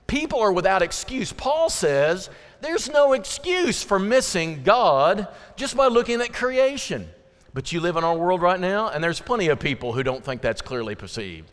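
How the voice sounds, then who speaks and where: A man delivers a sermon in a conversational, animated way, now and then acting out voices as he teaches. His voice sits high and moves a great deal in pitch. The sound carries the long reverb of a large sanctuary. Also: moderate pace. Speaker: preacher. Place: church sanctuary.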